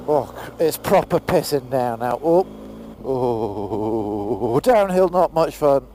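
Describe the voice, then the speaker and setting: A man's voice: medium pitch, slow pace, mellow, slight background noise. A man chatting casually into a helmet camera while riding a motorbike outdoors in pouring rain, exclaiming and swearing now and then. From Britain. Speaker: motorcycle vlogger. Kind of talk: casual vlog commentary.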